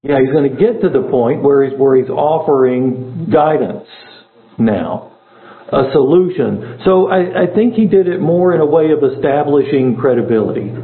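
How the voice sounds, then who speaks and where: A man's voice: medium pitch, lively intonation, moderate pace. A man leading an informal Bible study, talking conversationally and asking his group questions. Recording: echoey room, tinny phone-like sound, faint hum.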